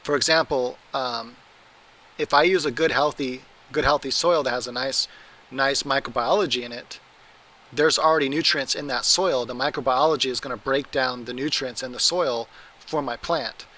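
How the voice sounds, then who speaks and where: A man chats loosely through viewer questions on a livestream, restarting sentences and tripping over his own words. His voice is bright and forward, sitting at an ordinary pitch. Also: moderate pace, poor audio. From Oregon, US. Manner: rambling, self-correcting, laughs at his own mistakes. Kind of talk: casual livestream chat.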